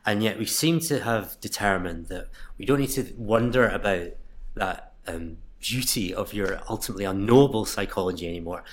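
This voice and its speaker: A man columnist in a podcast discussion, talking thoughtfully and a little hesitantly, with frequent pauses and fillers. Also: lowish voice. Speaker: guest columnist.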